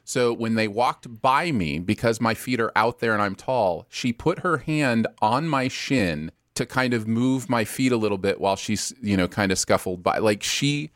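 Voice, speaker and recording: Male co-host, lower voice, dry wry teller of stories. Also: expressive, moderate pace, few pauses, a bit bright, no room sound. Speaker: podcast co-host. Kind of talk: casual chat.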